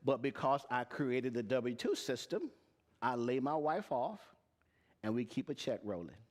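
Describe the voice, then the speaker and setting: A man's voice: medium pitch, expressive, unhurried. A man teaching tax and payroll to a live audience, plain-spoken and emphatic, often asking them questions. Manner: asks the audience repeated questions. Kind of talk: live-streamed teaching talk.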